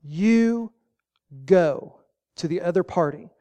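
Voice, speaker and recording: A pastor delivers a sermon with a warm, mellow tone. The delivery is folksy and emphatic, with casual asides. Short commands are repeated to drive each point home. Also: medium pitch, animated, takes it slowly.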